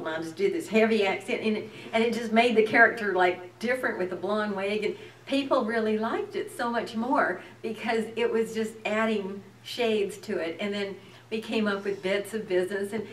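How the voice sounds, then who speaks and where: A woman's voice: medium pitch, moderate pace, a little hiss or hum. Actress lady chatting, laughs a lot, kinda far from the mic in an echoey room. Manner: lively anecdotes, laughs often. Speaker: actress, guest. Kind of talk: casual interview chat.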